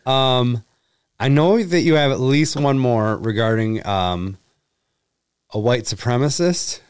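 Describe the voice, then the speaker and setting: A man's voice: mid-range voice, slow, clean tone, dry recording, studio quality. A man hosting a casual chat, easygoing and prompting his guest with questions. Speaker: podcast host.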